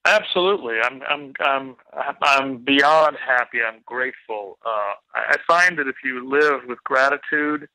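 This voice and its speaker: Male interview guest, bright and forceful tone, dry close mic, earnest and reflective. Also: medium pitch, a little slow, few pauses, no room sound, low-quality recording. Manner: earnest, reflective, repeats words as he starts sentences. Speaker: podcast guest, drummer. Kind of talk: casual interview chat.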